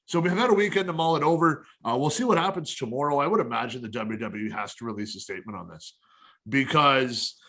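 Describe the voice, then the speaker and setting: A man's voice: medium pitch, fast, sharp tone. A man in his thirties co-hosting a casual wrestling talk show, blunt and opinionated, getting fired up over his points. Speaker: podcast co-host.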